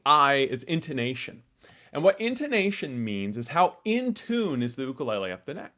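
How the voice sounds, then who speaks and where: A man's voice: on the high side, fairly bright tone. Chatty man teaching ukulele. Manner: casual, chatty explanations with many asides. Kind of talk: live online music lesson.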